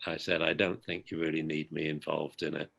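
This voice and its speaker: A man with a British accent, a dog behaviour expert giving an outspoken, lively interview. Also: rumbling low, brisk, creaky, slightly rough. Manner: outspoken, animated storyteller. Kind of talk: conversational interview.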